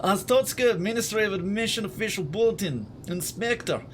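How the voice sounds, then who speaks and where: A man's voice: sits high, expressive, a little fast, a little hiss or hum, voice pushed up. Man putting on a stern mock-Russian state newsreader.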